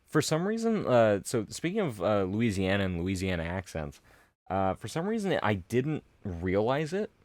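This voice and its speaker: Deep-voiced podcast guy, goes off on long stories, dry close sound. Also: wildly swooping pitch, normal speed, a little mellow, no room sound. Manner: rambling, storytelling. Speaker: podcast co-host. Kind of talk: casual chat.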